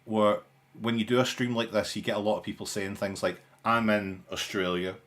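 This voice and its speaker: A man's voice: on the low side, fairly even intonation, fairly quick. A young man hosting a live stream in casual chat, with dry, sarcastic humour and a rambling way of talking. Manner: rambling, with frequent restarts and fillers.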